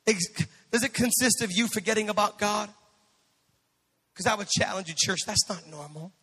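A male pastor delivering a sermon, dropping to quiet asides and then rising into shouted, sing-song preaching. His voice sits very high for a man, sharp and gravelly. The sound carries with a long reverb through a church sanctuary.

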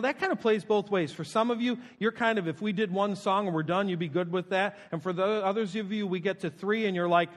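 Pastor with a high voice in a reverberant hall. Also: male voice. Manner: conversational, self-deprecating storytelling. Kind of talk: sermon with prayer and announcements. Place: church sanctuary.

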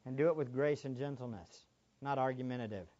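A man preaching a sermon as pastor, dropping to quiet asides and rising to loud, emphatic preaching. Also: medium pitch, quick pace, muffled recording.

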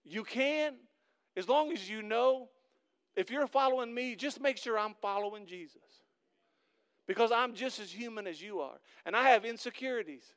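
High-voiced earnest preaching man. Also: moderate pace, smooth. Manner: earnest, conversational preaching that builds to loud emphatic peaks. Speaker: pastor. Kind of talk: sermon.

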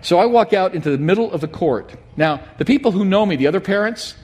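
A middle-aged man preaching a sermon, telling a personal story in an animated, emphatic way. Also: high voice, fast talker. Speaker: pastor.

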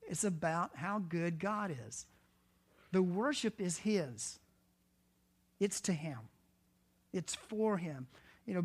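A pastor preaching a sermon, earnest and conversational, often asking the congregation direct questions. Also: male voice, high voice.

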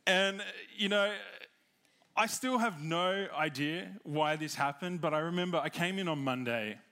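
A young adult man, giving a sermon as a relaxed personal story, chatty and self-deprecating, laughing at himself now and then. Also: on the high side, measured pace. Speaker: preacher.

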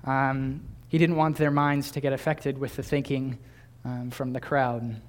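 A man in his twenties delivers a sermon at a medium pitch. He talks in an easygoing, chatty way, breaking off to restart phrases and slipping in small laughs. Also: level tone, a little slow. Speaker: pastor.

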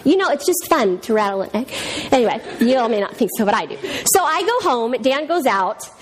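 A woman's voice: a little high, sing-song, a little fast, slight background noise. A woman in her thirties or forties giving a church talk, chatty and self-mocking, laughing often as she tells a story. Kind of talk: sermon-style storytelling.

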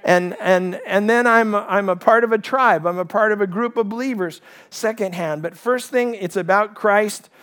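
High-voiced impassioned preaching man. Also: normal speed, few pauses, fairly bright tone, smooth. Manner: impassioned, rising and falling emphasis. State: out of breath at times. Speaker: pastor. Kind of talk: sermon.

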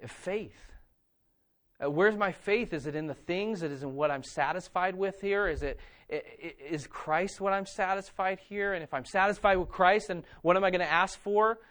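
A man preaching a sermon as pastor, earnest and emphatic, repeating phrases and dropping soft and low in reflective passages. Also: moderate pace.

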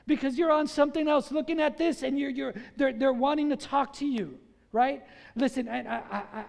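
A man preaching a sermon as pastor, lively and drawing call-and-response from the congregation, acting out little scenes. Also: extremely high pitch, gravelly. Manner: acts out scenes in quoted voices.

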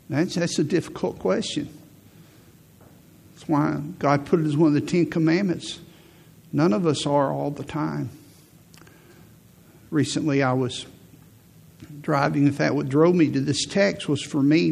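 A man's voice: a little high, vocal fry, darkish tone, breathy edge. A middle-aged man preaching a sermon as pastor, emphatic, repeating key phrases and lifting his voice to stress a point.

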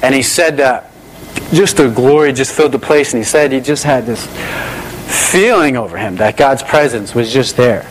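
A man's voice: medium pitch, moderate pace, a little hiss or hum, low-quality recording. Enthusiastic conversational male pastor. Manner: enthusiastic, conversational, repeats phrases. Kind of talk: sermon storytelling.

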